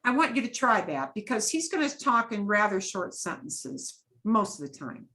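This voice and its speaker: A woman's voice: medium pitch, sing-song, normal speed, sharp tone, low-quality recording. A middle-aged woman teaching a Spanish class, talking casually and checking in with her students in Spanish. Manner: chatty, sprinkles Spanish checks like vale and bien.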